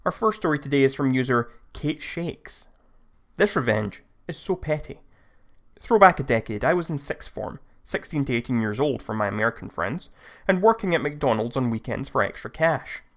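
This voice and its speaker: A man's voice: mid-range voice, lively intonation, normal speed. Man reading online stories aloud. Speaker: story narrator. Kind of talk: scripted narration of online stories.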